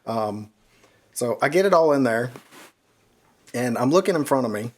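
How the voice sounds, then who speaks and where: A man's voice: medium pitch, normal speed. Man telling a wild story, laughing. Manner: animated, swearing, laughs at his own story. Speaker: podcast co-host. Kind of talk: casual storytelling.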